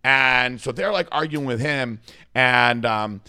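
This man, a bodybuilding coach appearing as a podcast guest, speaks slowly with a medium pitch and a pushed, bright, clear, resonant tone. Recounting a story in a relaxed interview, he curses liberally and imitates others in a louder voice.

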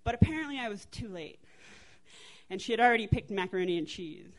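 Talking fast in a medium pitch, a twenty-something woman with an American accent recounts a comical family story on stage. She's chatty and animated, laughing and cursing as she goes.

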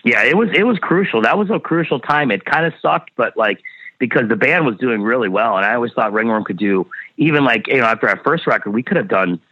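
A man's voice: mid-range voice, animated, fast, no echo. A man in his fifties, a guest musician talking in a casual interview, blunt and swearing freely, often repeating words. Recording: dull lo-fi dry sound.

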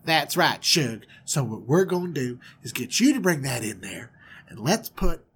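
A man's voice: mid-range voice, sing-song, normal speed, a little hiss or hum. A man doing a sly southern mama's drawl. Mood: scheming. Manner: hushed, conspiratorial drawl. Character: scheming southern mother, doting and sly.

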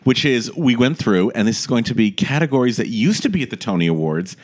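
Animated man hosting a chat show. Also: medium pitch, quick pace. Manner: animated, self-deprecating, laughs often. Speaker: podcast host. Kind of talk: casual chat.

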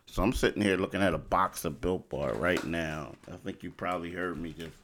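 A man with a very low voice talks casually on a podcast. He is animated and emphatic, often repeating phrases. He slides loosely between chat and sponsor reads. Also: fairly quick, slight background noise. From Philadelphia. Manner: animated, repetitive, emphatic asides. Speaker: podcast host.

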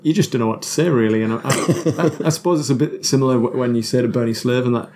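A man's voice: medium pitch, fast talker, darkish tone, a little hiss or hum. A man, chatting as a podcast guest about football, self-deprecating, laughing often and restarting his sentences. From North East England. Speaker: guest musician. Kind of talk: casual podcast chat.

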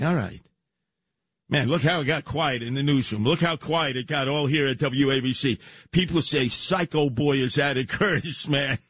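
A man hosting a radio talk show, ranting loudly and in mock confrontation, repeating his questions. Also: fairly high pitch, normal speed, slightly rough, no echo. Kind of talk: on-air radio rant. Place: radio studio.

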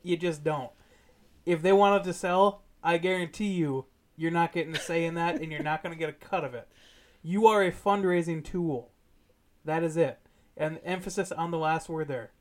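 A man's voice: fairly high pitch, normal speed. A man co-hosting a sports podcast, talking casually with a blunt, teasing, emphatic manner. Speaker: podcast co-host.

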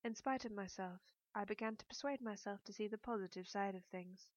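A woman narrating a first-person novel in a measured, introspective way. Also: medium pitch, lo-fi sound. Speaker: audiobook narrator.

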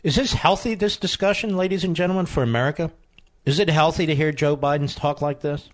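A man hosting a political talk radio show, combative and emphatic, with sudden high outbursts. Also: a little fast.

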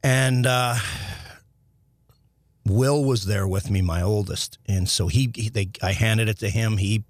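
A middle-aged man, a former hockey player, telling stories as a podcast guest in a rambling, animated way with restarts and some swearing. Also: on the low side, a little slow, dry recording. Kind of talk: casual storytelling interview.

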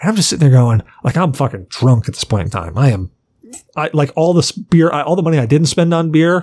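A man's voice: mid-range voice, a little mellow. Profane, rambling podcast co-host, man. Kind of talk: casual chat.

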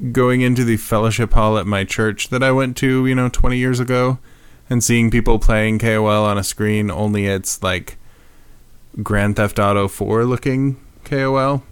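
Low, smooth-voiced man telling stories. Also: no echo. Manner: animated storyteller, swears casually. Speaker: podcast co-host. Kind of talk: casual chat.

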